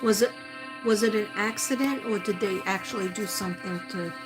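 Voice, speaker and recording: A woman with a mid-range, brisk voice works as a psychic medium on a livestream, calling out to a missing man and repeating his name as she searches. Music plays behind her.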